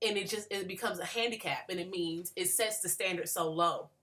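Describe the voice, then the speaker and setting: A graduate student in her late twenties offers an earnest, thoughtful spoken reflection on a book for a class, restarting her sentences often. Her voice sits on the low side, fairly bright and a little fast, with slight background noise.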